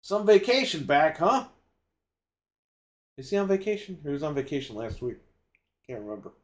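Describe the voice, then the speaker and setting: A man's voice: on the high side, big pitch swings, normal speed. A man co-hosting a gaming podcast, ranting in a heated, profane way. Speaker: podcast co-host. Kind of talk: casual gaming podcast rant.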